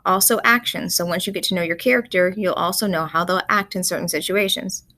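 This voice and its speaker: A woman teacher giving a recorded writing lesson, explaining in a calm, measured way. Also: lowish voice.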